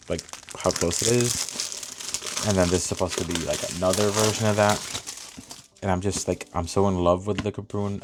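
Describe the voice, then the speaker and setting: Against a noisy background, a low-voiced man unboxes and reviews fragrances, chatting casually. He's animated and thinks aloud with plenty of fillers.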